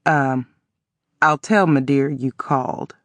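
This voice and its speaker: A man's voice: fairly high pitch, animated, a little fast, fairly bright tone, dry recording. A man voicing a guarded teenage girl who talks back in a cold, snappy way in an audiobook. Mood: sheepish.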